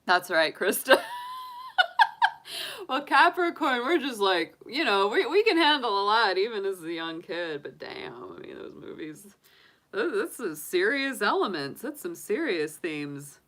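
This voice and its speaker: A woman giving a live tarot reading in a chatty, animated way, laughing often between points. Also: medium pitch, a little slow. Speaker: tarot reader.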